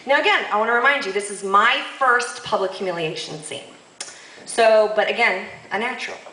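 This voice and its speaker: A woman telling a comic story on stage to a live audience, sassy and quick to laugh, with lively asides. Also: mid-range voice, roomy sound, a little hiss or hum, rough recording.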